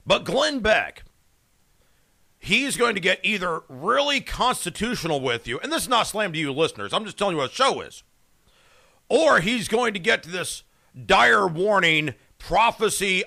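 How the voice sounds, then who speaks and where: A man hosting a morning radio show, excitable and jokey with rapid asides. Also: high-pitched, vocal fry. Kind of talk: casual radio chat.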